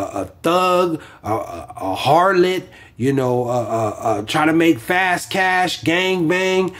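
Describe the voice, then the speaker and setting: A man's voice: a little high, husky. A man preaching informally from scripture, rambling with many fillers and restarts.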